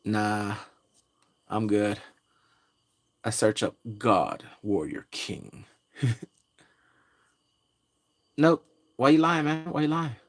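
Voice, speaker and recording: A man's voice: on the low side, lively intonation, very slow, long pauses. Brash trash-talking male vlogger. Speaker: pop culture vlogger. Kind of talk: casual rant to camera.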